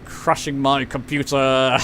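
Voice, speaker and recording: A man's voice: mid-range voice, flat delivery, takes it slowly, a bit bright, slight background noise. A man with an English accent giving casual live commentary while flying a simulator, chatty and self-deprecating as he answers his chat. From England. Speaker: flight sim streamer.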